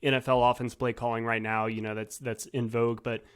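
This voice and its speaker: A man's voice: mid-range voice, flat delivery, brisk, smooth. A man who is a guest on a casual sports podcast and a sports writer, giving thoughtful, hedging analysis with frequent restarts.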